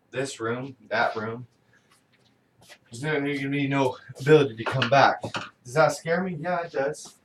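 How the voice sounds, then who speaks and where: Middle-aged man venting, distant mic. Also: medium pitch. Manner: candid, venting, swears often. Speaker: vlogger. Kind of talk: personal video diary. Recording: distant mic with faint background noise.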